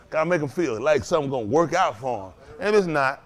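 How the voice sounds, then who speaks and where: Speaking fast in a mid-range voice with lively intonation, a man delivers a relaxed, conversational sermon. He chuckles frequently and seeks agreement from the congregation with "ain't that right?"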